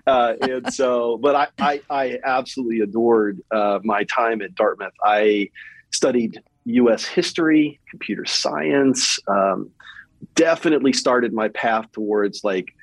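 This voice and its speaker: Middle-aged guy w/ a soft kentucky drawl, kinda husky, keeps restarting sentences, dry close sound. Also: medium pitch, no room sound, low-quality recording. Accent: Southern US (Kentucky). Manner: halting, repeats words and restarts often. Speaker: guest, company president. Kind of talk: casual interview conversation.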